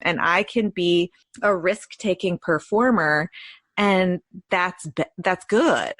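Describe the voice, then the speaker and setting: A woman co-hosts a podcast in relaxed, candid chat. Her voice sits a little low, and the recording is dry and close with no room sound. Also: slow, dry recording. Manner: candid, chatty, laughs easily. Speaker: podcast co-host. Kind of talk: casual chat.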